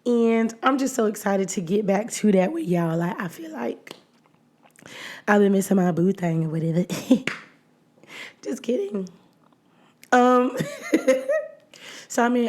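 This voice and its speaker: Her voice is hoarse and nearly gone, yet this woman stays chatty as she hosts a casual solo episode of her podcast, often laughing between phrases. She speaks at a medium pitch with a slightly mellow quality.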